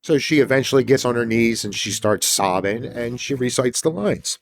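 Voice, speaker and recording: A man hosting a podcast, retelling a film in a casual, animated way, swearing freely and acting out the characters' lines. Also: mid-range voice, normal speed, hardly any pauses. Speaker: podcast host.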